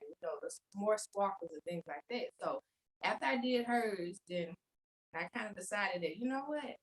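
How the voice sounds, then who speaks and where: A woman's voice: on the low side, fairly bright tone, low-quality recording. Polite woman guest on a video call. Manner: polite, friendly, says yes ma'am. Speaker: guest, business owner. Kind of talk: casual interview answers.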